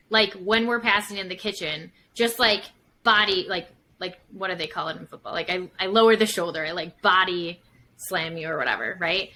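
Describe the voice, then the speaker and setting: Woman, therapist guest, bright tone, casual chatter, lots of fillers. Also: medium pitch, poor audio. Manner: chatty, many fillers, acts out examples. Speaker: licensed psychotherapist guest. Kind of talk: casual podcast conversation.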